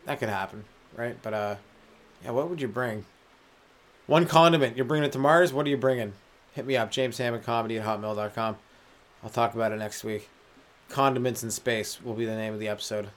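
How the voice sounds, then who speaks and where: A young Canadian stand-up comedian hosts a comedy podcast by himself, rambling through crude jokes and laughing at his own lines in a solo comedic rant. His mid-range voice is fairly bright and brisk.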